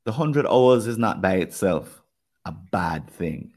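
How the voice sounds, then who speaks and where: A man's voice: sits low, lively intonation, darkish tone. A man with a Jamaican accent, talking things through thoughtfully on a podcast, often restarting his sentences. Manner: thoughtful, speaks in halting restarts. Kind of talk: podcast conversation.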